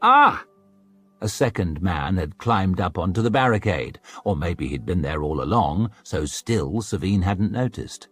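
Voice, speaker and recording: A man narrating an audiobook in a dramatic, expressive storytelling manner. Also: low voice, normal speed, hardly any pauses, slightly rough, soft background music.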